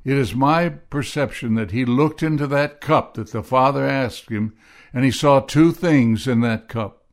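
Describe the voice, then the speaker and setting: Slow, deliberate male preacher. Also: medium pitch. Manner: slow, deliberate reading, rising to emphatic stresses. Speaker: pastor. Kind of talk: sermon with scripture reading.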